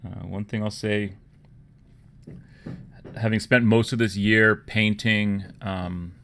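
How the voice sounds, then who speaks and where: A man from Canada with a Toronto accent, hosting a casual livestream, rambling and low-key and often trailing off into quiet murmurs. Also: level tone, takes it slowly, vocal fry, slight background noise. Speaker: livestream host. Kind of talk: casual livestream chat while painting miniatures.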